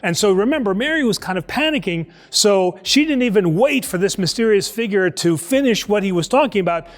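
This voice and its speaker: A priest telling a Bible story to children in a lively, conversational way, acting out the voices. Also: male voice, sits high, big-room sound. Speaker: priest teaching Sunday school. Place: church.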